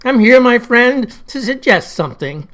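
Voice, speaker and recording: A bright, emphatic woman politician, put on by a woman narrator speaks up high and loud. She sounds upbeat and persuasive, pressing her pitch. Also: lively intonation, moderate pace.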